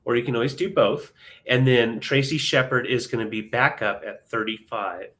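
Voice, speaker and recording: A man's voice: mid-range voice, normal speed. Man calling bids on a live sale. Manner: relaxed, calls bids and counts down. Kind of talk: live auction selling chat.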